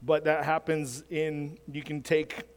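A man's voice: on the high side, little pitch movement, slow pace, in a large hall. A man preaching in a casual, plain-spoken way, teaching through a Bible passage. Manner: casual, plain-spoken, chuckles at his own examples.

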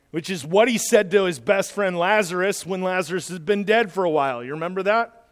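A man's voice: sits high, normal speed. A man preaching a sermon as a pastor, talking conversationally and then building to urgent exhortation, in a church. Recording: long hall reverb.

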